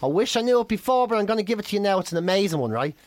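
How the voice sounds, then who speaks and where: A man's voice: high-pitched, rapid-fire, no room sound. A man with an Irish accent co-hosting a podcast, telling stories casually and swearing freely. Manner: swears freely, animated storytelling. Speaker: podcast co-host. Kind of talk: casual chat.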